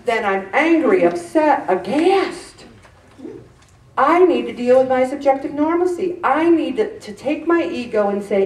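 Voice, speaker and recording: A woman giving an animated, joking, self-deprecating faith talk to a group. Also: a little high, unhurried. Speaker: speaker addressing a group. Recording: echoey room, mic at a distance.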